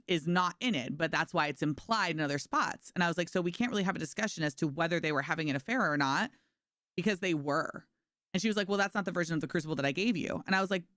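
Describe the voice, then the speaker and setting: A woman's voice: lowish voice, no echo, studio quality. A young woman streamer in casual chat, telling stories to her stream chat and acting out the voices of the people in them. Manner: animated, acts out quoted voices, laughs often. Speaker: gaming streamer.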